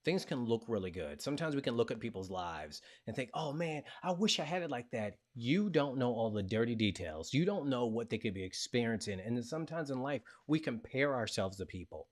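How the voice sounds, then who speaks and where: A middle-aged man hosting a talk show, retelling a personal story in a casual, animated way and acting out the dialogue. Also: mid-range voice, a little fast, hardly any pauses. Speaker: podcast host.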